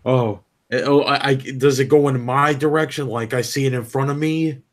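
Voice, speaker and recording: A man's voice: mid-range voice, fairly even intonation, moderate pace. A player from New Jersey with a New Jersey accent. He talks in loose, rambling bursts, restarting his sentences and apologizing as he goes. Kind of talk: casual game chat.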